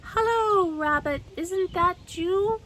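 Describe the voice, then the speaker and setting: A woman voicing a simple-minded, honey-loving male teddy bear in a high, gentle, wondering voice. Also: sing-song, slow, slight background noise, full character voice.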